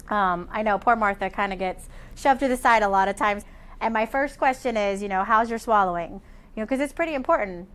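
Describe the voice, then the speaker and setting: Chatty woman physical therapist. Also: medium pitch. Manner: conversational, many fillers. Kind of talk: explaining patient care.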